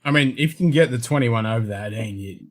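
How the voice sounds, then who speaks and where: A man's voice: medium pitch, quick pace. An Australian man hosting a live whisky chat, telling stories in a blunt, sweary way with frequent laughs. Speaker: host of a whisky show. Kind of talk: casual chat on a live stream.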